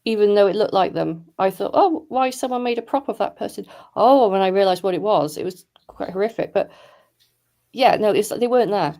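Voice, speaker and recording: A woman's voice: medium pitch, expressive, a little fast, mellow. A woman, a podcast guest, telling stories frankly and matter-of-factly over a video call. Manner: frank, matter-of-fact storytelling. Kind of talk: casual chat.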